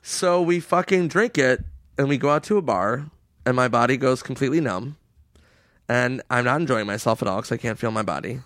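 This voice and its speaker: A man, a comedian, telling wild stories in a casual interview, bouncing into high-pitched voices for the people in them. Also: brisk, no room sound, studio quality. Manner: animated storyteller, acts out voices in high pitch. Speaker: comedian guest.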